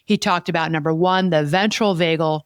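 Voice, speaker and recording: A woman's voice: on the low side, fairly quick, clean tone, dry recording. Woman therapist explaining, dry sound. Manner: didactic, repeats key points with "okay?". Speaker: therapist and podcast host. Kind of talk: explanatory podcast talk.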